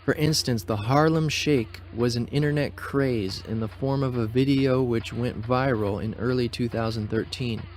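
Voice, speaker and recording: A man narrating a scripted critical documentary in a measured way. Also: mid-range voice, slight background noise.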